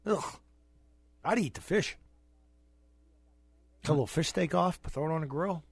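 A man's voice: a little high, normal speed, gravelly, husky. A man co-hosting a radio show, joking and teasing his co-hosts in casual banter.

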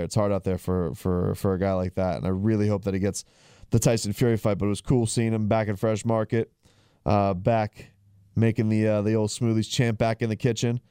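Man, host, casual fight-sports chat, rambling with fillers, smooth tone, dry close sound. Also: on the low side, warm tone, dry recording. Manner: rambling, frequent fillers and restarts. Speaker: podcast host.

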